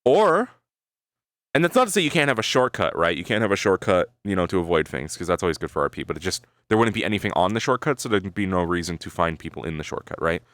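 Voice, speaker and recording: A man's voice: low voice, lively intonation, fast talker, a bit bright, no room sound. A male streamer chatting casually with his viewers, thinking aloud, swearing freely and tagging his sentences with "right?". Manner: rambling, swears freely, keeps adding "right?"; talks to his chat while thinking aloud. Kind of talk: casual live-stream chat.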